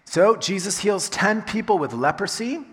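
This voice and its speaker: A man preaching a sermon as pastor, talking in a relaxed, chatty way and laughing now and then. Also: high-pitched, moderate pace. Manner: conversational, chatty with laughing asides. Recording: long reverb of a large hall.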